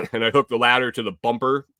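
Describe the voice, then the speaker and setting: A man's voice: medium pitch, big pitch swings, brisk, bright, forceful tone, no echo, studio quality. A man from Minnesota hosting a casual livestream, rambling through viewer comments and laughing often. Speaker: livestream host.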